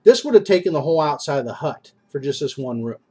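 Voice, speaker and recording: A man's voice: fairly high pitch, sing-song, fast talker, warm tone, a little hiss or hum. A man narrating as game master of a tabletop game, describing scenes to his players.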